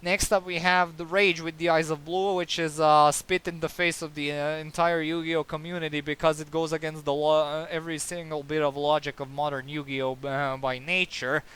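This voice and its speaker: A man's voice: on the high side, level tone, normal speed, few pauses, fairly bright tone, clear, resonant tone. A man giving a casual card game review, sarcastic and exasperated, with many fillers and restarts.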